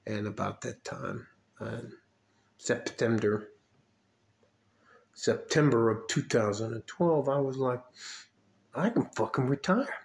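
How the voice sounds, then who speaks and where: A man's voice: mid-range voice, slow pace, creaky, long pauses, reverberant. An older man ranting about his past job, heated and upset, swearing and repeating himself as he gets worked up. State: getting upset. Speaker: video blogger. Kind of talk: angry personal rant.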